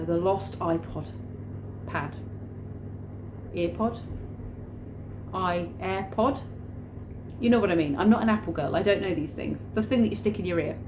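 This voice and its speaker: A woman vlogger telling a story in a lively way, acting out the scenes. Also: medium pitch, background noise. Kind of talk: animated storytelling vlog. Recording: roomy room with faint ambience.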